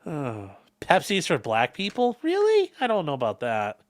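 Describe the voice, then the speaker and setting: A man's voice: fairly high pitch, wildly swooping pitch, normal speed. A man hosting a livestream, rambling and joking as he reacts to the chat. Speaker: livestream host reading chat. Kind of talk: casual stream chat.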